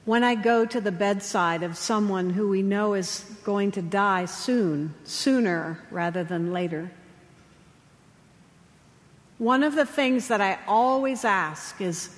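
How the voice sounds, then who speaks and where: Woman preacher, gentle storyteller, measured pauses, mid-pitched voice, long hall echo. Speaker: chaplain. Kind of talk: sermon.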